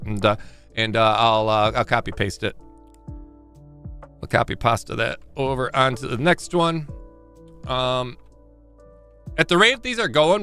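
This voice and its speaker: A man chatting casually on a live stream, rambling and self-deprecating, often restarting his sentences and getting excitable. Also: mid-range voice, smooth.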